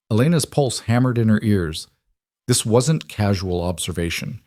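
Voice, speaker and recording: Guy narrating a dark romance story, low voice, dry close sound. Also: expressive, normal speed, no room sound.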